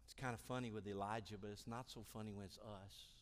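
A man preaching an animated, emphatic sermon as pastor in a church sanctuary. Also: lowish voice, fast. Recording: long church reverb.

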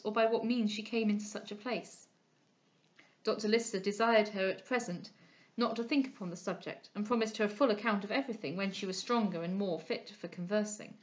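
An audiobook reader, a woman with a mid-range voice, reads a classic novel aloud in a measured, expressive way. The recording is dull and lo-fi.

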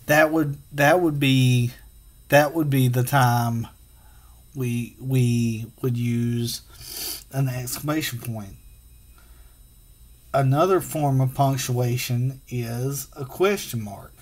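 A man teaching a phonics and punctuation lesson to children, sounding out letters slowly and patiently. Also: mid-range voice.

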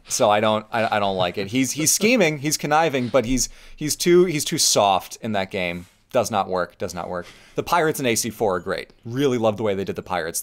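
A man co-hosting a podcast, chatting casually and giving opinions, often repeating words as he restarts. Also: on the low side. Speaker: podcast co-host. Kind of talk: casual chat.

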